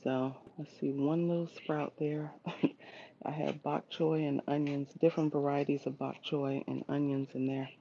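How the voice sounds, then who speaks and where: A woman livestreams a casual tour of her backyard garden, chatting with viewers and greeting them by name while walking with a handheld phone outdoors. Her voice is low, flat, unhurried and mellow, and the slightly dull phone audio carries a little background noise.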